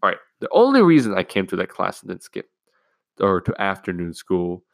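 Low-voiced profane teen guy rambling. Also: wildly swooping pitch, a little fast, vocal fry, no echo. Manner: profane, rambling, full of restarts. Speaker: student telling a school story. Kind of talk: casual solo chat.

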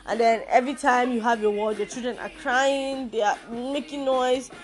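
A woman's voice: a little high, steady tone, normal speed. A young adult woman hosting her own podcast, talking casually and informally, with playful asides. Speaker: podcast host. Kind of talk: casual solo podcast talk.

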